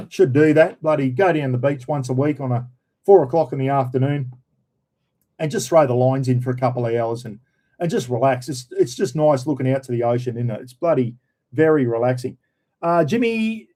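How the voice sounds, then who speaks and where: Australian man, casual live-stream host, mellow warm voice, slightly high pitch, reads comments aloud. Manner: laid-back, chatty, reads viewer comments aloud.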